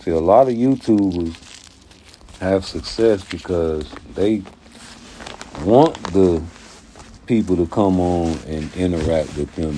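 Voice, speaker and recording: A man's voice: low voice, slow, slight background noise. A man hosting his own channel, talking in a profane, streetwise casual rant. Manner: profane, streetwise, animated storytelling. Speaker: YouTube commentary host.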